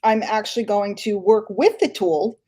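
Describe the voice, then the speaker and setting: A woman hosting a casual live stream. She chats and thinks out loud, with lots of ums. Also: medium pitch, normal speed. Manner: chatty, thinks aloud with many fillers. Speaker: host.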